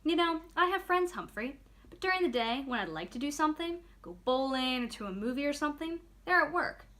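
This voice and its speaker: Woman doing cheerful loud janitor, friendly, boisterous, storybook reading. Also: high-pitched, animated, fairly quick, voice pushed up. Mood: chatty. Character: cheerful, loud adult male school janitor. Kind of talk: children's book read aloud.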